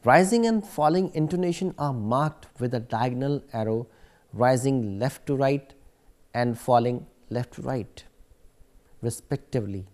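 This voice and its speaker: A man's voice: mid-range voice, a little slow, a little mellow. A man giving a recorded academic lecture, explaining steadily with occasional fillers.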